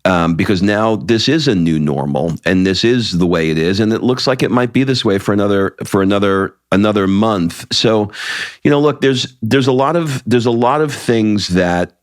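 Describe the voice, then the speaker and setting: A man's voice: on the low side, expressive, normal speed, no room sound, studio quality. A middle-aged man co-hosting a podcast in casual chat, blunt and candid, swearing freely and often restarting his sentences. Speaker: podcast co-host.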